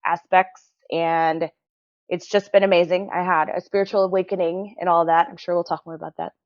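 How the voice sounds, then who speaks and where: A woman's voice: on the low side, level tone, fairly quick. A woman guest on a podcast, sharing a personal story in an earnest, heartfelt, reflective way. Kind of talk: personal story in casual interview. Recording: dull lo-fi sound.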